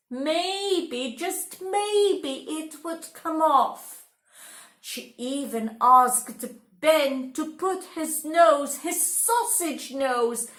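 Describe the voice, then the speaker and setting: A woman tells a children's story in a high voice, very slowly and expressively, with dramatic pauses. The echoey room is clear around her. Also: a bit bright.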